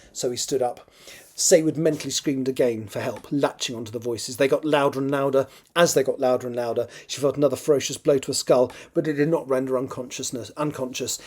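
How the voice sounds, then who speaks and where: A man, the author, reading his own novel draft aloud in a steady storytelling manner and now and then correcting a slip. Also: medium pitch, breathy edge. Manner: steady storytelling read with occasional self-corrections.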